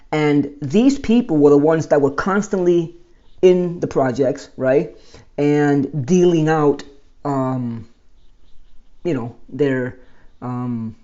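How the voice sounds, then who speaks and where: A man casually telling his own life story as host, animated and explaining step by step. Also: a little high, muffled recording. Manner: animated, explains with pointing and numbering.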